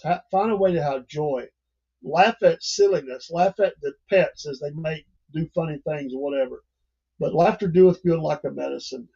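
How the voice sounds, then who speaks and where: A man's voice: on the high side, dark tone, muffled recording. An older man hosting a livestream, talking in a rambling, folksy way and chuckling often. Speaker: livestream host. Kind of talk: casual livestream monologue.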